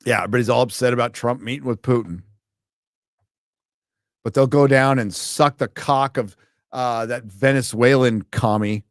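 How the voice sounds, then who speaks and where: A man's voice: mid-range voice, steady tone, normal speed, dry recording, studio quality. Profane, sarcastic male stream host. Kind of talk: ranting live stream commentary.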